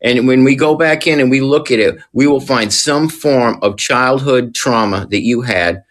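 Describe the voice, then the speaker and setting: On a podcast, a man speaking as a recovery counselor explains things casually, often checking in with rhetorical questions. He has a mid-range voice and talks at normal speed.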